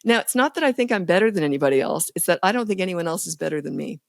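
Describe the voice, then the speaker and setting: A woman's voice: fairly low pitch, expressive, very fast, vocal fry, dry recording, studio quality. A woman in her sixties, a parenting guest on a podcast, talking in a candid, self-deprecating way and laughing often. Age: 60s. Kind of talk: casual podcast interview.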